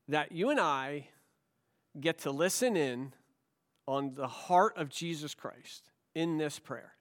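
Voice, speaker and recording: A man with a high-pitched voice delivers a church sermon. He preaches in a conversational way, trading stories and rhetorical questions with the congregation, and his voice carries up to fairly high notes. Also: fairly bright tone. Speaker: pastor.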